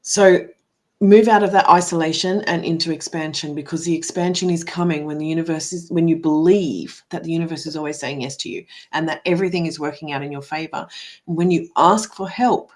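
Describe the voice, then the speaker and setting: A middle-aged spiritual and business coach gives a live card reading in a low, darkish voice, talking a little fast with a steady tone. She is emphatic and swears freely, naming viewers and frequently ending sentences with "right?".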